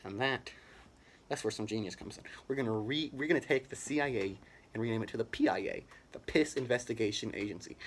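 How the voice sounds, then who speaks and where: A man's voice: fairly low pitch, fairly quick, a little hiss or hum. Rambling young man in a mock speech. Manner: rambling, absurd deadpan bluster. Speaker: comedian.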